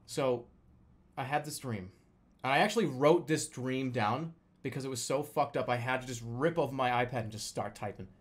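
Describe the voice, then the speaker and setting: A young man casually telling a story, swearing freely and loudly acting out the lines he quotes. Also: mid-range voice, normal speed. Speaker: storyteller recounting a dream.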